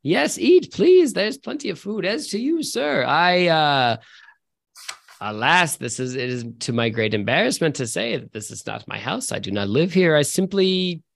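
A man's voice: a little high, very animated, normal speed, vocal fry, heavily acted. A man voicing a friendly, rosy-cheeked fortune teller who is effusive and welcoming, with a touch of grandeur.

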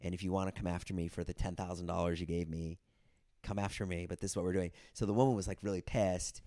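Low-pitched and dark in tone, this man talks quickly but keeps his delivery steady, with no echo and clean studio sound. As a podcast guest who works in comedy and film, he rambles through casual stories, imitating other people in put-on voices.

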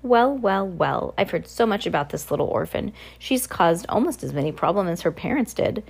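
A woman reading aloud and voicing a hoarse, sinister bald bearded male villain who gloats and menaces. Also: lowish voice, animated, moderate pace, full character voice. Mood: gloating.

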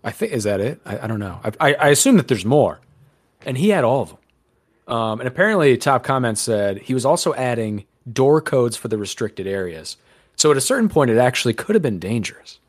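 A man's voice: mid-range voice, big pitch swings, a little fast, dry recording, studio quality. A man hosting a podcast in casual chat, rambling and sarcastic, swearing casually. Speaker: podcast host.

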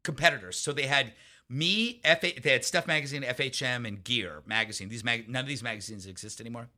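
A man as an interview guest, telling a story in an animated way, laughing often and acting out what other people said. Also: mid-range voice, a little fast. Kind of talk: storytelling anecdote in a conversational interview.

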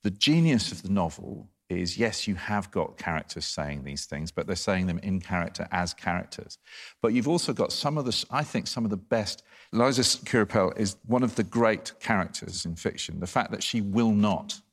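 A man with a very deep, low voice talks about a novel in a relaxed discussion. He stumbles and restarts often, repeating words as he feels his way toward a point. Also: normal speed. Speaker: book discussion panelist. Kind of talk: casual literary discussion.

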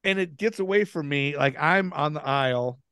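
A man's voice: a little high, normal speed, pushed and bright, smooth, no echo, clean studio sound. A man as a podcast guest, telling a story with lots of laughter and swearing, acting out what people said. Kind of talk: casual storytelling.

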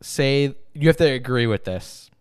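A man's voice: medium pitch, lively intonation, measured pace, smooth, dry recording, studio quality. A man co-hosting a podcast, joking crudely and laughing through his lines. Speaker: podcast co-host. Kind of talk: casual chat.

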